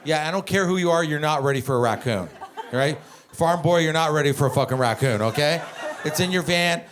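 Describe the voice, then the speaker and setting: A man in his twenties from Canada doing stand-up, telling family stories in a profane, animated, rambling way. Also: on the high side, a little fast. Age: 20s. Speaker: stand-up comedian. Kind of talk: stand-up comedy storytelling.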